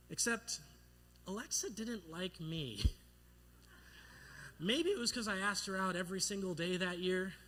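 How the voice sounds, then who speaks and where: A young man preaching a sermon as pastor, telling a childhood story with playful, animated delivery and acting out the voices in it. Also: on the high side, slight background noise. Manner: animated, playful, acts out voices in his stories.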